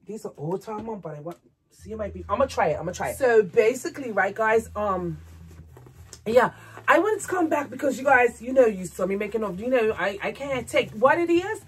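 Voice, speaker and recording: A woman with a fairly high voice chats casually to her viewers at home. She keeps calling out to the audience and to her dolls in a loose, rambling vlog manner. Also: expressive, a little fast, husky. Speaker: doll hobby vlogger. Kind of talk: casual chat to camera.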